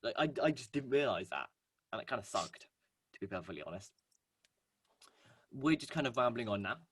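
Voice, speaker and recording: A man's voice: mid-range voice, big pitch swings, a little fast, breathy edge, dry recording. A young man co-hosting a casual podcast, rambling with lots of fillers. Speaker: podcast co-host. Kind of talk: casual chat.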